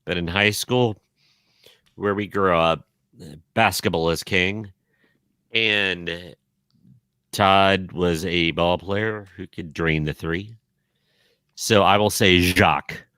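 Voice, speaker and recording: A man's voice: deep voice, steady tone, slow, long pauses, sharp tone, clear, resonant tone, no echo. A man co-hosting a podcast, wry and careful, adding hedges and disclaimers as he talks. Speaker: podcast co-host. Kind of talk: casual podcast banter.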